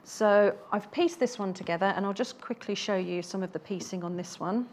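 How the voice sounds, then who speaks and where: A woman's voice: medium pitch, brisk, a little hiss or hum. A woman explaining her bag-making samples step by step on a TV shopping craft show. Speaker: guest bag maker.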